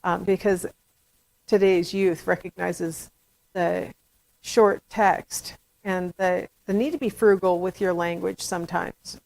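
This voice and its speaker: A woman instructor delivers a relaxed recorded lecture in a low voice with a gravelly edge. She talks conversationally, often pausing on fillers and correcting herself mid-sentence. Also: rough recording.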